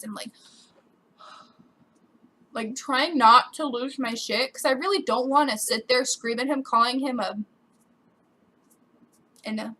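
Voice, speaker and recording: High, bright-voiced upset young woman. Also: normal speed, pauses often. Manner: emotional, swearing, voice breaking with quoted outbursts. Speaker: gaming YouTuber. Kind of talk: upset personal vlog rant.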